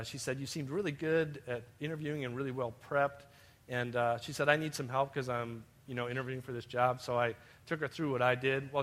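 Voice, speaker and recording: A man's voice: medium pitch, a bit bright. A man preaching a sermon, telling personal stories and addressing his listeners as beloved. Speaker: pastor.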